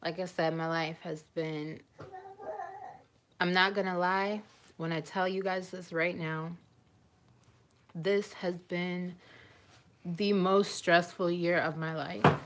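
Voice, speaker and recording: Woman in her twenties, live-stream vlogger on a phone at home, slow and emotional, slightly low voice. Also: steady tone. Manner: rambling, emotional, self-interrupting. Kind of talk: casual live-stream chat.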